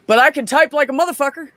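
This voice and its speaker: A woman with a fairly high voice tells rowdy, profane anecdotes in a casual after-show chat. She is recorded close and dry, with no room sound. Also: a bit bright, no echo. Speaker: guest.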